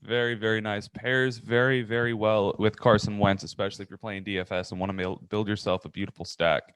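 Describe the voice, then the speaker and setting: He is a man with a lowish voice talking fantasy football picks in casual chat. He is steady and matter-of-fact, and he backs up each point with statistics. The recording is dry and close. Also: fairly quick, clear, resonant tone, no echo. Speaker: fantasy football podcast co-host. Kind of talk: casual sports analysis chat.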